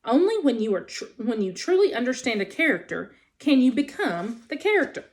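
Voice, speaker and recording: A woman voicing a dramatic, chatty female possum who loves to perform. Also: a little fast. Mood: chatty, theatrical. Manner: animated, showy, high-pitched.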